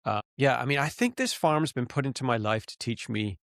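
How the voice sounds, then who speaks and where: A man's voice: medium pitch, fairly quick, no room sound, clean studio sound. A man co-hosting a podcast, chatting casually and acting out his own frustrations as he tells stories. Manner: animated storyteller, acts out his own frustration. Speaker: podcast co-host. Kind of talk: casual conversation. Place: living in rural Canada.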